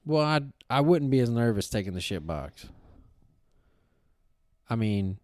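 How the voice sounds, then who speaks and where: A man's voice: mid-range voice, a little slow, dry recording, clean studio sound. A man, co-hosting a podcast and telling a long rambling story with lots of swearing. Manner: rambling, profane, animated storyteller. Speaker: podcast co-host. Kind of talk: casual storytelling chat.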